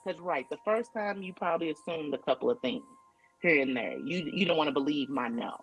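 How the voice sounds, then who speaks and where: Female guest, yoga teacher, very low pitch, emphatic and direct, faint music underneath. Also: lively intonation, brisk, breathy edge, rough recording. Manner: emphatic and direct, spells out firm boundaries. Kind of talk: casual chat.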